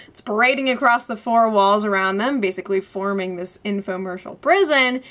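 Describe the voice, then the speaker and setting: Bright, fairly high woman's voice for an animated TV-review vlog; laughs a lot, wordy and vivid. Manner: animated, laughs often between points. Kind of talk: TV episode review.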